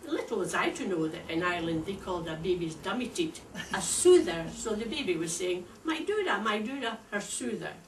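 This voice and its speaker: An older woman with a Scottish accent delivering a prepared, humorous speech at a speakers club in a wry, measured, deliberate way. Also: fairly low pitch, animated. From Scotland. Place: club meeting room. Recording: echoey room, distant mic, faint hiss.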